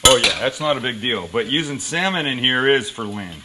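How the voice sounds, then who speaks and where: A man's voice: mid-range voice, brisk, heavy background noise. A man hosting a cooking show, chatting casually and telling joking stories as he cooks. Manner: joking, animated storytelling.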